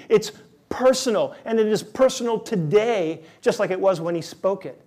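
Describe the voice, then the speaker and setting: Male pastor, slightly high voice, relaxed conversational sermon delivery with emphatic repetition. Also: moderate pace. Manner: conversational, emphatic preaching with repeated words.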